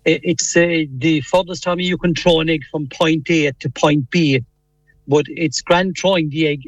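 A man's voice: a little high, fairly even intonation, normal speed, no room sound. Cork-accented man over a dull line. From Cork, Ireland. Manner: hesitant, many restarts and fillers, friendly. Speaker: radio guest on the phone. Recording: dull phone-line sound.

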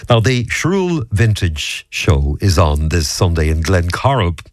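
A man's voice: low-pitched, unhurried, no room sound. Chatty male radio host, dry studio. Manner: relaxed, chatty, reads listener texts. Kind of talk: local radio chat. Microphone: studio mic.

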